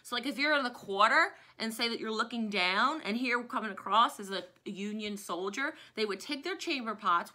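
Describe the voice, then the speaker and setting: Bright, lively woman teacher in her thirties. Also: medium pitch. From New Orleans, USA. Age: 30s. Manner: chatty, digressive storytelling, acts out quotes. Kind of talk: history lesson.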